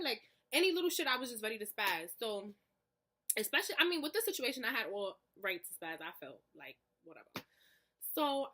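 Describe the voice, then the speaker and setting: A young adult woman telling a story on her vlog, animated and profane, full of "like," acting out both sides of an argument. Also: fairly high pitch, quick pace. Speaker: vlogger.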